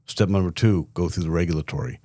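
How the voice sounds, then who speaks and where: Deep-voiced middle-aged male CEO guest; candid, blunt storyteller; dry close sound. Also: fast, warm tone, no room sound. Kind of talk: storytelling in a podcast interview.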